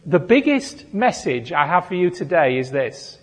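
A man's voice: fairly high pitch, big pitch swings, moderate pace, few pauses, a bit bright, breathy edge. A British man preaching a sermon, earnest and rising to fervent appeals. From Britain. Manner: earnest, building to fervent crying out. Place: church hall. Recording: long hall reverb.

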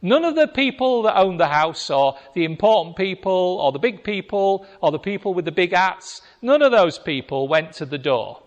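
A man preaching a sermon, telling a Bible story with lively acted-out voices. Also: sits high, normal speed, hardly any pauses, lo-fi sound. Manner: animated storytelling, acting out voices. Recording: long reverb of a hall.

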